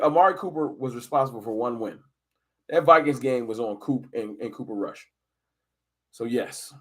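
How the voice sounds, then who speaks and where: A man hosting a casual fan live stream, talking football and arguing with chat viewers in an animated, combative way. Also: a little high. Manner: animated, argumentative, addresses chat viewers directly.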